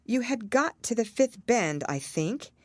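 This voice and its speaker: A woman's voice: on the high side, sing-song, measured pace, a little mellow, no room sound, clean studio sound, voice pushed up. A woman voicing an earnest, polite young girl who talks eagerly and humbly in a storybook reading.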